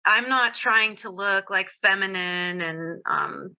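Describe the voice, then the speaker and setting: A woman's voice: medium pitch, slow pace, sharp tone, clean tone, rough recording. A woman guest from Southern California talking candidly in a casual interview, full of fillers and frequent laughs. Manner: candid, giggly, filler-heavy.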